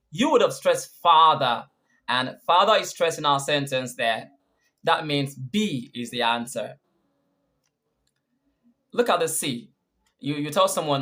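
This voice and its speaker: An English teacher giving an online grammar lesson, patiently explaining examples and hitting stressed words with a sudden jump in pitch and volume. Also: lively intonation, normal speed, a bit bright. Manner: explains patiently and talks the learner through examples.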